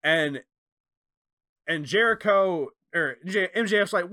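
A man co-hosting a casual chat who talks in an animated way and acts out quotes in different voices. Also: high-pitched, slow, long pauses. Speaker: podcast co-host.

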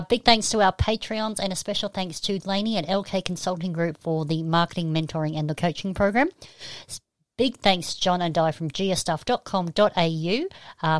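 A woman's voice: on the low side, steady tone, moderate pace, no room sound. A woman with an Australian accent hosting a live-streamed podcast, cheery and bubbly as she greets listeners. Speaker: podcast host.

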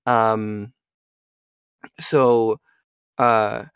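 A man's voice: fairly low pitch, little pitch movement, extremely slow, a bit bright, clean tone, no echo, studio quality. A young man, a voice actor and audiobook narrator, chatting loosely in an interview and often asking "you know what I mean?". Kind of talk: casual interview chat.

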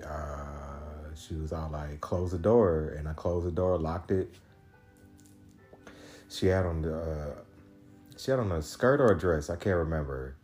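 Solo podcast host, male, deep low register, casual rambling profane storyteller. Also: a little mellow. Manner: loose, profane, rambling with many restarts.

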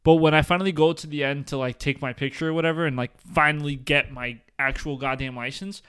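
A young man with a smooth, clear voice, chatting on a podcast. He talks frankly and swears a lot, and he sounds exasperated as he tells his stories. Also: a little high, steady tone, quick pace, a bit bright. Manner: frank, profane, exasperated storytelling. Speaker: podcast co-host. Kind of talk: casual chat, storytelling.

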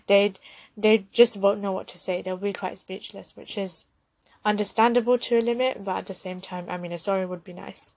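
A young woman tells a personal story on her own podcast, speaking candidly with loose fillers and restarts. Her voice sits at a middle pitch. The sound is dry and close, with no room echo. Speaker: podcast host.

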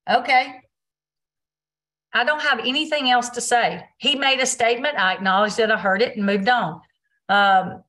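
A woman's voice: on the high side, moderate pace. A woman, a basketball official, answering interview questions on a video call and acting out what she says on court. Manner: animated storytelling, acts out quotes.

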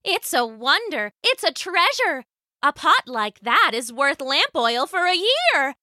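A woman voicing an excited old farmer's wife, bustling and eager, exclaiming in a high lively voice. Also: takes it slowly, no echo, clean studio sound, full character voice. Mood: amazed.

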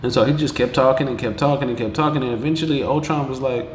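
A man's voice: medium pitch, fast, soft background music. A man hosting a podcast, casually recapping an episode in slangy, profane talk and acting out the characters' lines as he goes. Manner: slangy, profane, animated retelling with quoted voices. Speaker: podcast host. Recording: roomy echo with faint background ambience.

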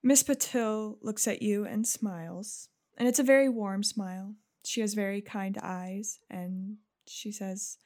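A woman narrating as game master in a tabletop fantasy game, in a relaxed, easy way with light laughter. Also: mid-range voice, a little slow, few pauses.

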